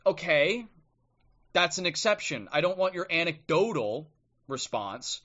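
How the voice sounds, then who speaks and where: On a streaming microphone with the highs cut off, a livestream host speaks at normal speed in a high-leaning voice that's very animated, pushed, and bright. He rants bluntly and combatively, often adding "okay?", and then turns to reading from a book.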